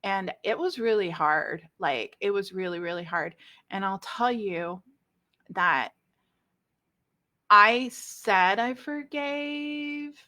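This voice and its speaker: A woman's voice: fairly low pitch, measured pace, fairly bright tone. Candid, tearful middle-aged woman. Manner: candid and confiding, with many fillers, turning tearful. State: emotional, near tears. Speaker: spiritual vlogger. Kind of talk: personal spiritual talk to camera.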